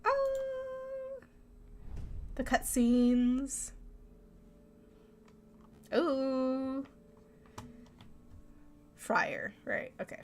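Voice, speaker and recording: A young woman streaming a game, chatty and self-mocking in casual commentary. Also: high voice. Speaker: vtuber streamer.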